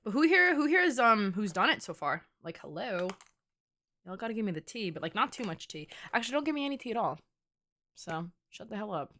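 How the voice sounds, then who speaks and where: Chatty young woman with lively pitch. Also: brisk. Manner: chatty, playful, swears casually. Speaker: game streamer. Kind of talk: casual live-stream chat.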